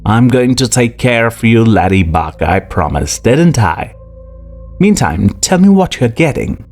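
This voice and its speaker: A man's voice: medium pitch, very animated, a little slow, darkish tone, soft background music, pitched above the performer's own voice. A man voicing a proud, self-loathing military commander who speaks solemnly, in an audiobook reading. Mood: commanding.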